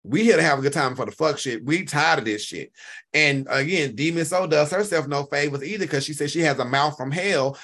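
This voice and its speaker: Brief: bright-voiced male co-host, lively gossip, high-pitched quoting. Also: a little fast. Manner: animated, swings pitch up when quoting others. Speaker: podcast co-host. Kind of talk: casual gossip chat.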